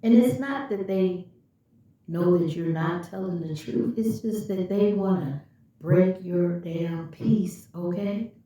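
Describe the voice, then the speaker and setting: A woman's voice: on the low side, slow pace, dark tone. A woman vlogger telling a personal story and speaking directly and emphatically to her viewers. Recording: echoey room, far from the mic, dull lo-fi.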